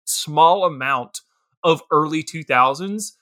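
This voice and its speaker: A man's voice: on the high side, takes it slowly, bright, forceful tone. A young man co-hosting a casual comedy podcast about a movie, laughing often and putting on exaggerated voices when he quotes people. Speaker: podcast co-host.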